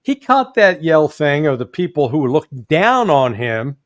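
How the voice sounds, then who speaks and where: A man with a Midwestern accent, a guest commentator talking politics in a folksy, animated way with joking asides. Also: on the high side, a little slow, dry recording. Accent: Midwestern American.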